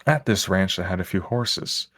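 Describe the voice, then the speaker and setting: Man, very low voice, dry close sound, casual rambling storyteller, self-mocking. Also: normal speed, a bit bright, no echo. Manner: rambling, self-mocking, frequent fillers and restarts. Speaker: stream guest.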